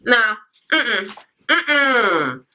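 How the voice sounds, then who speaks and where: A woman's voice: fairly high pitch, very animated, very slow, sharp tone. A woman giving a blunt, profane, sassy rant recapping a reality show.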